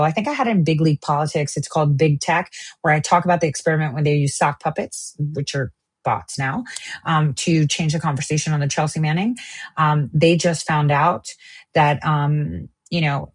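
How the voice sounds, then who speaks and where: A woman with a low, husky voice hosts her own streamed show. She rants in a heated, profane way and jumps between topics. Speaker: online show host. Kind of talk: angry political rant.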